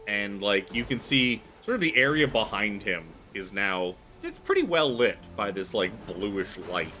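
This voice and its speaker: A man's voice: lowish voice, sing-song, measured pace, pushed and bright. A man running a tabletop horror game, narrating loosely with lots of "like" and fillers. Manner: loose, filler-heavy storytelling with frequent "like". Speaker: game master.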